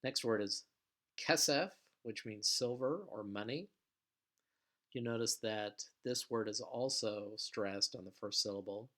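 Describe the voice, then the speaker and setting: Male language teacher, lowish voice, patient explanatory lecture delivery with frequent uhs. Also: measured pace, a bit bright. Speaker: Hebrew teacher. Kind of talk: recorded vocabulary lecture.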